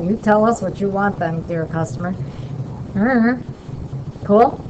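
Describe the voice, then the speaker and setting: A woman instructor walking through a drawing in a casual lesson and checking in with quick questions. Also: fairly high pitch, highs cut off, background noise. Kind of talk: casual screen-recorded lesson.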